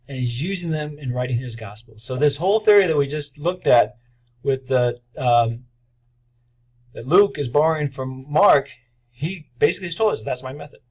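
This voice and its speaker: A man giving a conversational seminary lecture in a classroom, animating quotes and using frequent fillers. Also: mid-range voice. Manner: conversational, acts out quoted voices, many fillers.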